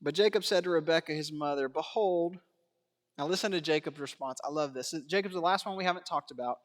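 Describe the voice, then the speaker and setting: A man preaching a sermon in a church, swinging between hushed asides and raised emphatic lines, chuckling and asking rhetorical questions. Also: a little high, a little fast, long reverb tail. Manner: acts out biblical quotes in character voices. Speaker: pastor. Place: church sanctuary.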